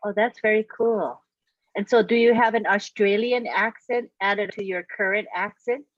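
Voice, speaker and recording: A woman's voice: mid-range voice, fairly even intonation, normal speed, dry recording. A woman hosts a webinar, asking friendly, encouraging questions in a casual way. Her voice sits in a middle range and comes through dry and muffled, as on a video call.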